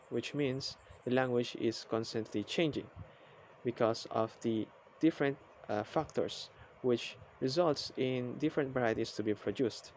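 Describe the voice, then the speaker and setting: A man giving a recorded class lecture, reading definitions aloud in a halting, repetitive way. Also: mid-range voice, a little mellow, slight background noise. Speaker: student presenter.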